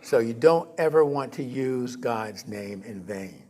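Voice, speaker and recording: Man, church minister, conversational sermon, animated emphasis, middle pitch. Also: measured pace. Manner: conversational, keeps checking in with "okay?".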